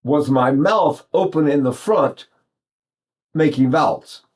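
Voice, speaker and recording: A man's voice: a little high, takes it slowly. An older man, a voice teacher, giving a casual, chatty singing lesson and breaking off to demonstrate sounds. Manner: animated, chatty, sings and buzzes examples, mimics Italian speech.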